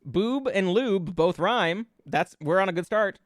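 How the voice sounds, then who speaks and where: A playful male streamer with a fairly high voice, chatting loosely with his viewers and thinking out loud as he tosses around word ideas. He talks close to the mic in a dry, dead room. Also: animated, unhurried, no echo. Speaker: VTuber streamer. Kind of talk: casual live-stream chat with viewers.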